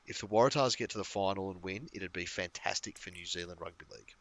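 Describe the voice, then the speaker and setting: A man tells a rambling story, swearing freely and laughing along the way. His voice has a bright, forward edge and sits a little low. The sound is dry and close, with no room around it. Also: quick pace, no room sound. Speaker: podcast co-host. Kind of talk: casual chat.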